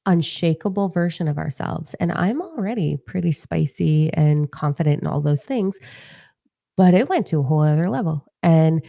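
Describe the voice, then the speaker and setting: Low gravelly-voiced woman in her forties. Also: normal speed, no room sound, clean studio sound. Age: 40s. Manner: candid, swears freely, animated asides. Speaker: spiritual teacher. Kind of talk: casual talk to followers.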